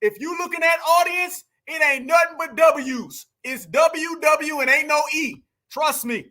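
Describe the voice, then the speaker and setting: Animated, high-voiced political commentator. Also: measured pace. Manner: animated, exclamatory, addresses viewers as family and y'all. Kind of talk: heated commentary vlog.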